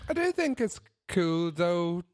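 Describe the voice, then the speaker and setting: A man's voice: high-pitched, sing-song, slow, darkish tone, no room sound. A man co-hosting a podcast in casual chat, easygoing with stammering restarts. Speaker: podcast co-host.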